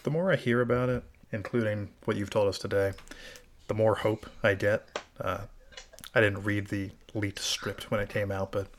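A man hosting a casual podcast chat, measured and wry with a dry sense of humor. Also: on the low side, steady tone, slight background noise. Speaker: podcast host.

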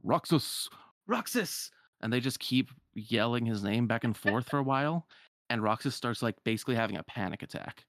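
A man's voice: medium pitch, fairly quick, fairly bright tone, dry recording, clean studio sound. A man casually retelling a video game's story in a loose, filler-heavy way, briefly putting on voices for the characters. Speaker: game recapper. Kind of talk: casual video game recap.

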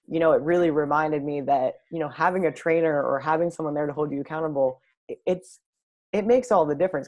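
A woman with a notably low voice talks as a guest on a podcast. She explains her coaching in a friendly, rambling way, full of fillers and restarts. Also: a little mellow. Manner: friendly, talkative, with frequent fillers. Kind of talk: casual podcast interview.

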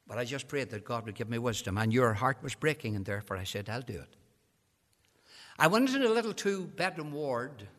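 A man's voice: medium pitch, sing-song, fairly quick. A man preaching an evangelistic sermon, telling a story with rising passion. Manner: impassioned, building to shouted climaxes. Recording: long hall reverb.

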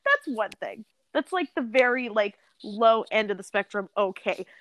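A woman's voice: a little high, lively intonation, moderate pace, a bit bright, dry recording. A young woman co-hosting a podcast, chatting casually with lots of fillers and laughter. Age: young adult. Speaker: podcast co-host. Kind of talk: casual chat.

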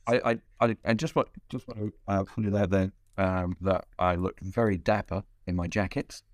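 A man's voice: low-pitched, steady tone, moderate pace, no echo. A man hosting a casual podcast chat, playful and rambling, often restarting his sentences. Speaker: podcast host.

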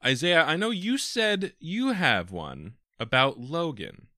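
A man's voice: a little high, big pitch swings, takes it slowly, bright, forceful tone. A man co-hosting a casual podcast, explaining things matter-of-factly and leading the segments. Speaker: podcast co-host.

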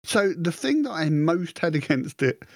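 A man's voice: on the high side, big pitch swings, normal speed, dry recording, studio quality. A man co-hosting a podcast in casual chat, rambling and self-mocking, acting out his own thoughts in quoted asides. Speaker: podcast co-host.

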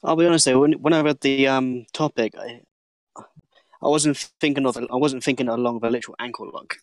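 A man's voice: medium pitch, fairly even intonation, no room sound. A man co-hosting a podcast, chatting casually and chipping in between his co-host's stories. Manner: quick, chatty. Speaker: podcast co-host. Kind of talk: casual chat.

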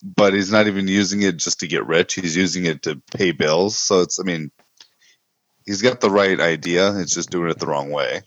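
A very deep-voiced man mulls things over on a comics podcast, stumbling into restarts and questions. The recording is dry and dull, with a narrow, lo-fi tone. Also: moderate pace, a bit bright, dry recording. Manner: thinks aloud with restarts and questions. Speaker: podcast co-host. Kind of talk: casual chat reviewing comics.

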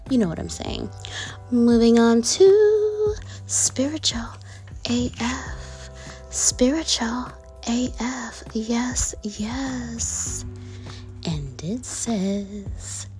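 A woman's voice: fairly high pitch, a little mellow. A woman reading out affirmation cards in a casual, playful vlog, drawing words out and dropping into whispered asides. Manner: playful, drawn-out delivery that drops into whispers. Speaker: affirmation card reader.

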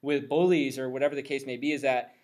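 A man hosting a casual podcast conversation, talking in a loose, rambling, animated way. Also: mid-range voice, fast. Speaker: podcast host.

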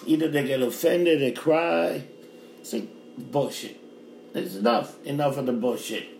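Gravelly New York man ranting hard. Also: a little high, moderate pace, darkish tone. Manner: fiery, profane, repetitive ranting. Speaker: bar worker. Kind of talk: ranting monologue. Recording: roomy with faint background noise.

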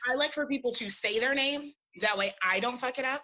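A woman's voice: high-pitched, a little fast, bright, forceful tone. A woman co-hosting a casual podcast chat, speaking frankly and earnestly. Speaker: podcast co-host.

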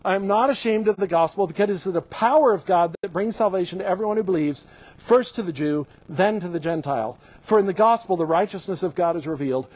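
A male pastor giving a sermon, reading scripture aloud and explaining it with animated enthusiasm. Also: high-pitched, fast talker, rough recording.

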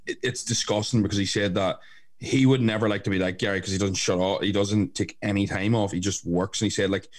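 A fast-talking man in relaxed podcast chat. He rambles through frank anecdotes, full of likes and restarts. His voice sits on the lower side. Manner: rambling, frank storytelling with many fillers. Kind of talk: casual chat.

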